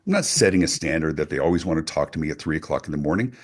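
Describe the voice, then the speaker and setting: Middle-aged male guest, low voice with big swings, punchy salesman delivery. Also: expressive, rapid-fire. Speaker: guest speaker and author. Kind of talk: animated interview talk.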